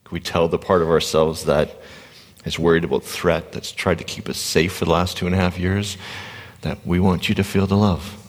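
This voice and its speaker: A man giving an animated motivational talk to a live audience in a gym, acting out inner voices and sometimes dropping to a whisper. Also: low-pitched, moderate pace. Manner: animated, acts out quoted inner voices, drops to a whisper at times. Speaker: motivational speaker. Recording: long reverb of a large hall.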